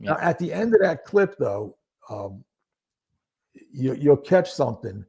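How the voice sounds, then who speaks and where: A man with a gravelly, husky voice tells his story conversationally. He is animated and acts out other people's lines. His speech is casual and full of fillers. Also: mid-range voice, a little slow. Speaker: podcast guest, former narcotics detective.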